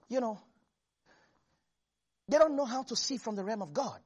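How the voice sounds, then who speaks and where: A preacher delivering an animated, humorous sermon to a congregation. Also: mid-range voice, moderate pace, long pauses, husky. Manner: animated, jokes and laughs with the congregation.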